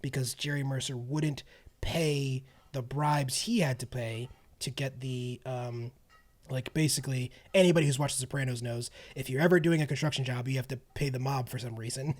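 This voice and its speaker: A man's voice: medium pitch, steady tone, moderate pace. A man co-hosting a podcast, retelling a film plot in a wry, casual way, laughing often and trailing off with ums. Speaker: podcast co-host. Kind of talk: casual film-review chat.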